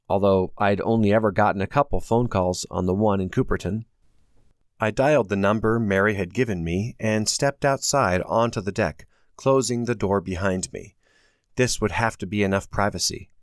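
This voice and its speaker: Give me a man calmly narrating a first-person audiobook, dry and close. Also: on the low side, no room sound. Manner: plain, earnest storytelling. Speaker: author narrating his own audiobook.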